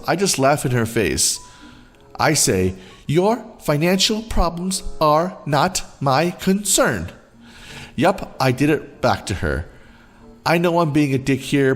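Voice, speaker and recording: A man narrating internet stories aloud to viewers in an expressive, storytelling manner. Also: medium pitch. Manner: expressive, animated reading. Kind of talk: reading reddit stories aloud.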